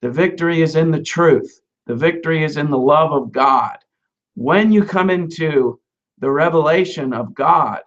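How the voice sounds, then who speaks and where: A male rabbi delivers a sermon, stressing scripture and Hebrew words with emphasis and dropping in casual, humorous asides. His voice sits somewhat high for a man. The recording sounds dull and lo-fi. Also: fairly bright tone. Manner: emphatic preaching, quoting scripture with Hebrew phrases.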